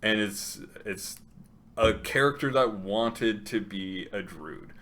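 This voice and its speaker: A man's voice: lowish voice, takes it slowly, fairly bright tone. A man who plays in a tabletop game, chatting casually, laughing often and hesitating with fillers. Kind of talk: casual podcast chat.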